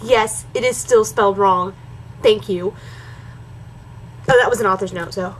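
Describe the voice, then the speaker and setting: In a low-quality recording with a little hiss or hum, a woman with a mid-range voice speaks at an unhurried pace. She's a reaction video host giving a comedic dramatic reading of a bad story, mocking it sarcastically and stopping now and then for snarky asides.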